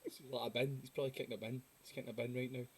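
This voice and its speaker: A man with a Scottish accent trading quick, joking banter while drawing on a live stream. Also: mid-range voice, little pitch movement, breathy edge. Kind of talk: casual chat. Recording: faint hiss.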